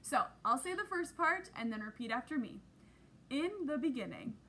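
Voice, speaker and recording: A woman's voice: high voice, sing-song, normal speed, bright, forceful tone, a little hiss or hum. A woman teaching a children's Bible lesson, upbeat and encouraging, leading the kids in call-and-response. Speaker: Sunday school teacher.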